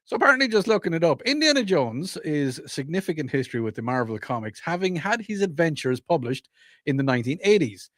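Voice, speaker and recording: A man co-hosts a radio chat show with a lively, swinging pitch. He is playful and reads trivia aloud as he goes. The close, dry sound places him right on the mic. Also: brisk, dry recording. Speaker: co-host. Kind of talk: casual chat.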